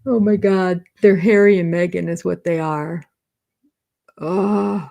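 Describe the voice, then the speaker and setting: Chatty older woman, low voice. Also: fairly even intonation, slow pace, creaky, warm tone. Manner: chatty, sarcastic, laughs often. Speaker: reality TV review host. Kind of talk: live-stream chat with viewers.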